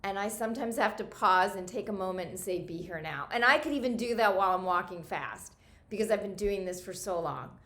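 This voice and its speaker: Gentle woman coach in an echoey room. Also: mid-range voice, brisk. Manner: gentle, encouraging, repeats phrases for emphasis. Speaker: self-help coach. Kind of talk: guided self-help talk.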